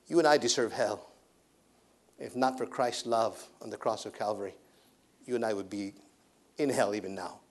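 A man preaching a sermon in a church, repeating his points and swinging from hushed to loud. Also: mid-range voice.

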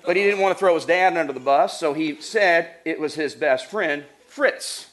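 Middle-aged male preacher, lively storyteller, slightly high voice, numbered teaching points. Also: fairly quick, a little hiss or hum. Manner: animated, acts out voices, laughs while telling stories. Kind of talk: sermon with humorous storytelling.

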